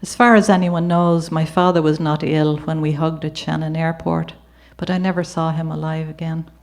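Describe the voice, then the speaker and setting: A woman's voice: sits low, level tone, normal speed. A woman with an Irish accent reading from her memoir at a gallery event, switching between reading and chatty, conversational storytelling. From Ireland. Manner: warm conversational asides with occasional laughter. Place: gallery event before an audience.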